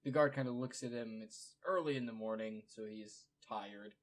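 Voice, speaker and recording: A man narrating as game master in a relaxed, casual way. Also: mid-range voice, moderate pace.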